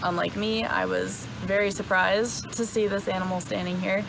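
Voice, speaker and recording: A young woman casually retelling a story, relaxed and dotted with ums and uhs. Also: mid-range voice, normal speed, vocal fry, few pauses, over music, rough recording. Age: young adult. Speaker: hunter telling her story.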